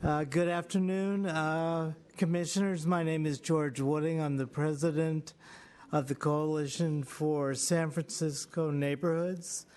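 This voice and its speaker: A man who leads a neighborhood coalition, giving formal, measured public comment at a city hearing. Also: a little high, flat delivery, darkish tone, a little hiss or hum.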